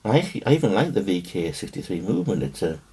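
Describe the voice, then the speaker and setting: A man's voice: deep voice, very animated, racing, creaky, mellow, breathy edge. A man thinking aloud to himself as he works, rambling and muttering. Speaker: watch-building hobbyist. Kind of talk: thinking aloud while working.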